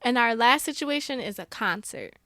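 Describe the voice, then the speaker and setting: A woman hosting a casual podcast chat, running a question game with a guest, playful and quick to laugh. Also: fairly high pitch, expressive, bright, forceful tone. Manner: playful, laughs often, dialect speech. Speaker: podcast host.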